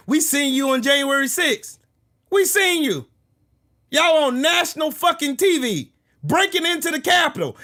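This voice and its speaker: A man with an unusually high, piercing voice delivers a combative political rant on his own channel. His tone is bright and sharp, and he keeps cursing and breaking into shouts. The rant is relentless and confrontational throughout. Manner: profane, combative, bursts into shouting. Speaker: political commentary channel host.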